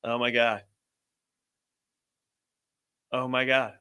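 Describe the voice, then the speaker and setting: A man hosting a casual live-stream reaction, swinging from hushed awe to loud shouts. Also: medium pitch, wildly swooping pitch, a little slow, few pauses, clear, resonant tone, dry recording, clean studio sound. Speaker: show host.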